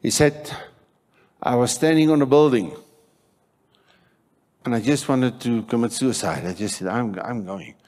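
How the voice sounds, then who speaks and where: A South African man preaching a sermon in church, telling stories with animated acted-out voices and shouting for emphasis. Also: mid-range voice, a little slow, pauses often. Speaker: pastor.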